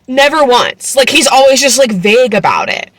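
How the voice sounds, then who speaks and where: A woman's voice: high voice, big pitch swings, moderate pace, a bit bright, dry recording. A woman in her twenties recapping a book casually, chatty and incredulous, full of fillers and swearing. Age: 20s. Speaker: book vlogger.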